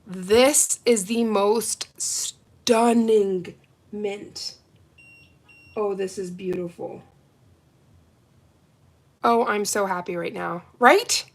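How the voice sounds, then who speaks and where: A woman's voice: mid-range voice, drawn-out words, long pauses. A woman hosting a live nail art unboxing, gushing and chatting with her viewers. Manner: gushing, excitable, chats with viewers. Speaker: nail art livestream host. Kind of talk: casual live unboxing chat.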